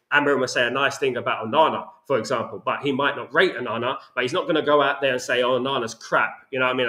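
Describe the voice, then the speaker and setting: A man's voice: medium pitch, pushed and bright. A man hosting a casual live stream, reading viewer comments aloud and answering them bluntly, often repeating himself. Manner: blunt, opinionated, repeats himself with "you know what I mean". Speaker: host reading viewer chat.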